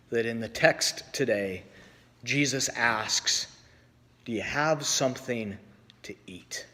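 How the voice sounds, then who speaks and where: A man preaching a sermon as pastor, telling stories with voiced quotes and slow pauses. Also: a little high, bright, forceful tone. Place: church sanctuary. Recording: long church reverb.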